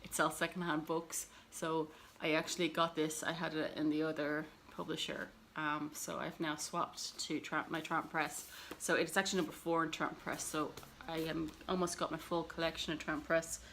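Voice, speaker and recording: A woman's voice: low-pitched, little pitch movement, moderate pace, hardly any pauses, fairly bright tone, a little hiss or hum. A woman talking casually to camera about her books, rambling and self-deprecating with plenty of fillers. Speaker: book vlogger.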